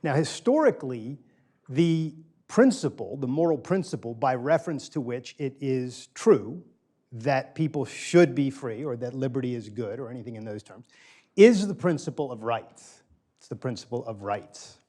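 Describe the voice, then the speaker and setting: A man's voice: medium pitch, animated, moderate pace, warm tone. A middle-aged man lecturing a small group in a room. His talk is loose and conversational, and he repeats key phrases to drive them home. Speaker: guest lecturer. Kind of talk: informal philosophy lecture. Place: small room with a live audience.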